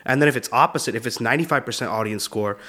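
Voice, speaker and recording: A man's voice: mid-range voice, rapid-fire, pushed and bright. A male comedian hosting his show, riffing in a loose, profane monologue that is full of "dude". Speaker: comedian host.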